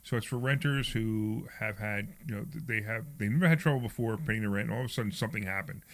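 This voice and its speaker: A middle-aged man hosts a casual radio talk show, leaning hard on his points and circling back to them. His delivery comes quick, in bursts. There is a gravelly rasp at the bottom of his voice. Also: on the low side. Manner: emphatic, repeats himself, talks in quick bursts.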